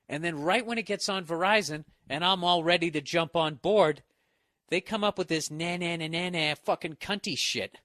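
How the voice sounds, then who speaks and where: Bright-voiced man in a profane rant. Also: a little high, moderate pace, no room sound, clean studio sound. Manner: profane, mocking, rambling. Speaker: podcast host. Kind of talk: solo comedic podcast rant.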